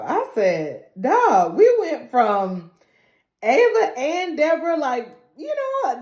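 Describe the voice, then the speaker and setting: A woman recapping a TV episode in casual speech with a dialect, acting out the characters' lines with laughter. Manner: animated retelling, acting out characters' lines with big pitch jumps and laughs. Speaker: recap vlogger. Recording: echoey room.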